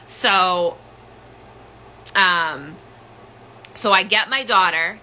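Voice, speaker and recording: A woman's voice: fairly low pitch, very slow, pushed and bright, a little hiss or hum, poor audio. A woman hosting a podcast, telling a personal story in an urgent, candid way with many restarts. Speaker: podcast host telling her own story.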